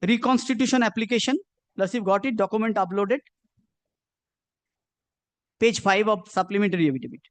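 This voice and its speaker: A male advocate presses his case in a courtroom with a strikingly high voice. He speaks in a formal, insistent way and keeps addressing the bench. The sound is dry and close, with almost no room around it. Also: a little fast, pauses often, dry recording. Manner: insistent, repeats "my lord" constantly. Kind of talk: courtroom legal argument.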